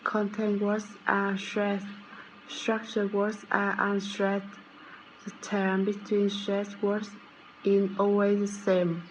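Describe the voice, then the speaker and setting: A woman reads a prepared lesson script at an unhurried pace. Her delivery stays strikingly flat and steady, with small stumbles. A faint hiss sits behind her voice. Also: mid-range voice, rough recording. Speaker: student presenter.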